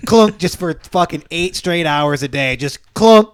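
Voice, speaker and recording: A man's voice: fairly high pitch, expressive, unhurried, clean tone, no room sound. A man co-hosting a podcast in casual chat, joking crudely and laughing often. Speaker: podcast co-host.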